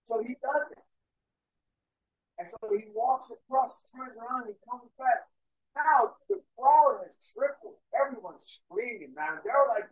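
A young man preaching a sermon as pastor, telling stories and swinging between loud and hushed delivery. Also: very high voice, measured pace, low-quality recording. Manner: storytelling, acts out crowd voices, swings between loud and hushed.

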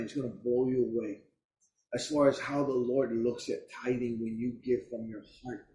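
A man's voice: medium pitch, warm tone, a little hiss or hum. A middle-aged man preaching a sermon as pastor, talking in an emphatic, conversational way. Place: church. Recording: echoey room, voice from a distance.

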